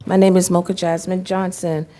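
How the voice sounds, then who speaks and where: A woman giving a public comment at a county budget hearing, advocating in a formal, measured way at a podium microphone. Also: fairly low pitch, little pitch movement, dark tone. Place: county commission meeting chamber.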